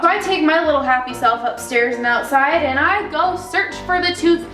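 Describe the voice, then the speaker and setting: A young woman with a high voice tells a chatty, animated story in a casual vlog and acts out the people in it. She sounds echoey and a little far from the mic, with faint music behind her. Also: normal speed, few pauses. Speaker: vlogger, daycare worker.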